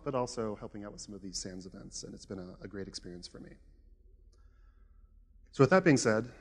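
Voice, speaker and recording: A man giving a conference talk in a relaxed, conversational way with frequent "uh" fillers, recorded with a presenter mic in a conference hall. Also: lowish voice. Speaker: conference speaker.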